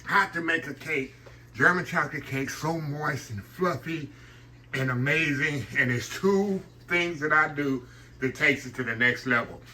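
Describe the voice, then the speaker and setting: A man's voice: fairly high pitch, unhurried, sharp tone, slight background noise. An older man hosting a casual home cooking video, chatting folksy with viewers as he works in his kitchen. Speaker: home cooking channel host.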